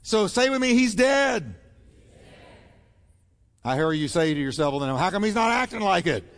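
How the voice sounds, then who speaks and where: A man's voice: high voice, big pitch swings, normal speed, fairly bright tone, big-room sound. A man preaching a sermon as pastor, emphatic and acting out the voices he quotes.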